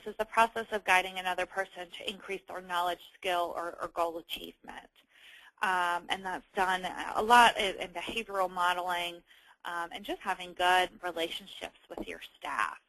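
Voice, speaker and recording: A woman, an HR manager, giving a conversational webinar presentation, often pausing on ums and restarting her sentences. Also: on the low side, pushed and bright, no echo, rough recording.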